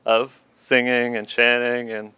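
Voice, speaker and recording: Dude with a crisp smooth voice, pretty monotone, rambly movie talk, dead dry sound. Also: male voice, medium pitch, unhurried, dry recording. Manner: laid-back, rambling, with many fillers. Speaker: film discussion panelist. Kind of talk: casual film discussion.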